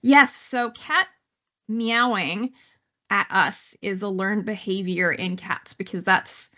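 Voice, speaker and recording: A woman's voice: medium pitch, bright, forceful tone, dull audio. A woman with a Canadian accent giving a live online psychology lecture in a conversational way, with many fillers and restarts. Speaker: psychology instructor.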